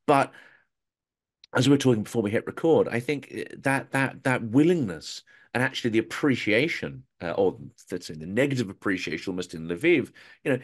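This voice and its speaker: A man hosting an interview, speaking thoughtfully with fillers and repeated words. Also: mid-range voice. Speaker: interview host, YouTuber. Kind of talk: conversational interview.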